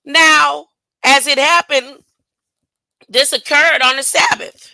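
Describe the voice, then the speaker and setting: Woman preaching, bright voice, dry close sound, acts out the people in the story. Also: high voice, slow, long pauses, dry recording, poor audio. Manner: animated, laughing, acts out Bible characters in casual speech. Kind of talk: informal sermon with storytelling.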